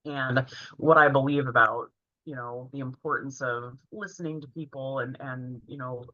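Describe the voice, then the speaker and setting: A woman's voice: very deep voice, steady tone, normal speed, pushed and bright, dry recording. A woman in her forties telling a heartfelt personal story in an earnest way while presenting a training session. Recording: dull, lo-fi, dry sound.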